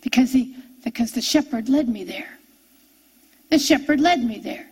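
A middle-aged woman preacher telling a personal story in a sermon, animated and repeating key phrases for emphasis. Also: fairly high pitch, normal speed, husky, low-quality recording.

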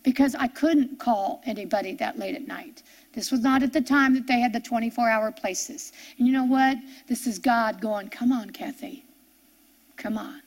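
Her pitch on the high side, this middle-aged woman preacher delivers a heartfelt sermon testimony. She stops and restarts as she tells the story, then rises into passionate preaching.

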